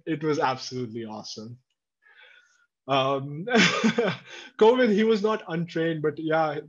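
A wildlife presenter, telling safari stories on a livestream and answering viewer comments. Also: male voice, fairly high pitch. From India. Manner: animated storyteller, reacting to viewer comments. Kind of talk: livestream storytelling. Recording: dull lo-fi livestream audio.

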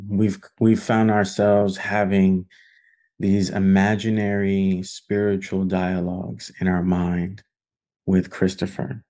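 A man's voice: low voice, mellow. A man leading an online film study group, talking in an earnest, conversational way with plenty of fillers. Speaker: discussion leader.

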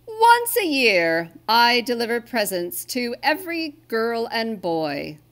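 A woman voicing Santa, a jolly, grateful old man in a storybook, speaking heartily and exclaiming warmly. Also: fairly high pitch, very animated, takes it slowly, pitched above the performer's own voice, heavily acted. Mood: explaining.

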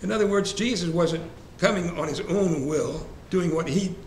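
A man's voice: sits high, normal speed. A man leading a church Bible study class in a conversational way, asking the group questions and repeating verse references. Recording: echoey room, faint ambient hiss.

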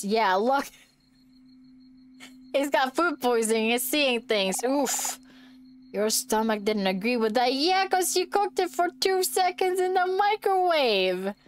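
A woman's voice: on the high side, expressive, slow, slight background noise. Giggly woman doing let's-play commentary. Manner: jokey, giggly reactions to the game. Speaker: video game streamer.

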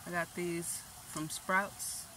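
Chatty, self-teasing home cook talking over a loud frying pan in a noisy kitchen. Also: mid-range voice, flat delivery, slow. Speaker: cooking vlogger. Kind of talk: casual chat while cooking. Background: sizzling pan and stirring.

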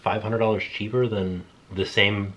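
A man's voice: fairly low pitch, flat delivery, normal speed, a bit bright. A man in casual chat as a vlogger, sore and worn out after a long run, telling stories with a laugh. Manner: chatty, laughing storyteller.

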